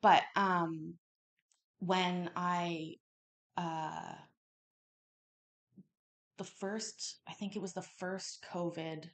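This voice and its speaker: Female stream host, lowish voice, animated casual storyteller, swears a lot. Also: very slow, long pauses. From Canada. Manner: animated, swears freely, acts out quotes loudly. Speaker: livestream host. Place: home kitchen. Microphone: home livestream mic.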